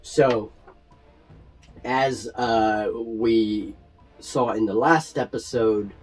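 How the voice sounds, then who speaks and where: A man narrating a tabletop fantasy game as game master, in measured, expressive storytelling. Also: fairly low pitch, faint music behind, low-quality recording.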